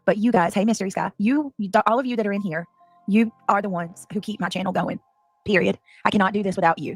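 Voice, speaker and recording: A woman, hosting a casual livestream, greeting viewers by name and talking emotionally and defensively. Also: mid-range voice.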